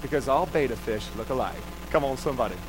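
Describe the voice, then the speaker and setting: A man's voice: medium pitch, fast, slight background noise, low-quality recording. A man preaching a sermon, telling a personal story and putting rhetorical questions to the congregation. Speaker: pastor.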